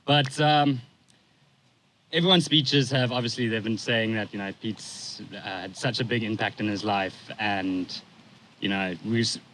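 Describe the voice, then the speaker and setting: A young man in his twenties giving a eulogy for his stepfather, telling a story in a casual, halting way and pausing at times to compose himself. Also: medium pitch, fairly bright tone, slight background noise, low-quality recording.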